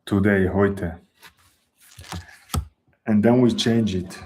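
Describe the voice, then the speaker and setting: Male teacher, unhurried and patient, low voice. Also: fairly even intonation, mellow, slight background noise. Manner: slow, patient explaining with example sentences. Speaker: German teacher. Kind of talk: language lesson.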